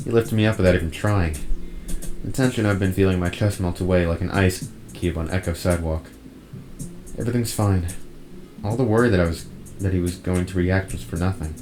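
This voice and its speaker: Low-voiced man reading a visual novel. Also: a little mellow, rough recording. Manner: wry joking asides. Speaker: visual novel narrator and player.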